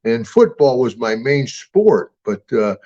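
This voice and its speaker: A man's voice: mid-range voice, very animated, slow, mellow, highs cut off. An older man telling rambling, folksy stories with frequent chuckles in a casual interview. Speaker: guest and star of the show.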